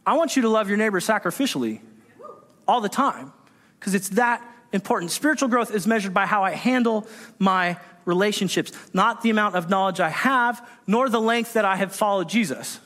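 A man preaching a sermon in an animated storytelling manner, acting out the voices of people in his anecdotes. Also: sits high, moderate pace. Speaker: pastor. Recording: echoey hall reverb.

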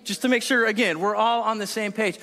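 A man's voice: sits high, steady tone, fairly quick, bright, forceful tone, in a large hall. A man preaching a conversational sermon to a congregation, chatty and self-deprecating, with joking asides. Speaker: pastor. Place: church service with a congregation.

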